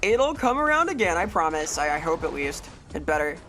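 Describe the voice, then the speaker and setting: A woman's voice: deep voice, big pitch swings, a little fast, a bit bright, faint music behind. Playful swearing woman game streamer. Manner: playful, rambling, swears freely, greets chat members. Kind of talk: live game streaming chat.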